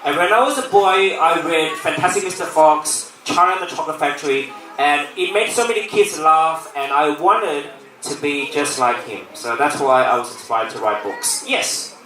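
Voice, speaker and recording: A man's voice: a little high, moderate pace, pushed and bright. A man, a children's author and teacher, reading from his book and answering questions with playful jokes. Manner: jokey, playful storyteller. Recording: echoey room, distant mic, faint noise.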